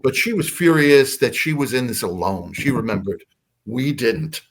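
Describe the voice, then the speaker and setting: An older man, a podcast guest, telling a personal story in a casual, animated way. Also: medium pitch, normal speed, a little hiss or hum. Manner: animated, acts out voices in his anecdotes.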